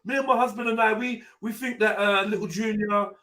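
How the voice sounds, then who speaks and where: A man's voice: sits high, steady tone, brisk, bright, forceful tone, far from the mic, a little hiss or hum, voice pushed up. A man putting on an earnest mother, raised prim voice, rambling. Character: earnest mother talking at a parents' evening.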